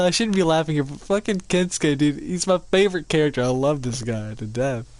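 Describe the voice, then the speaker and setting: A man playing a story game on stream, reading the lines aloud and reacting loudly with swearing and laughter. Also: fairly high pitch, a little fast, few pauses. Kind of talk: game let's play with read-aloud dialogue.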